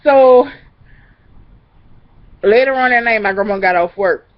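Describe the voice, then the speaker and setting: A young woman vlogging in a casual, storytelling way, acting out every person she mentions. Her voice sits a little high for a woman. The recording is somewhat dull and low-fidelity. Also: measured pace. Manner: animated, acts out the people in the story.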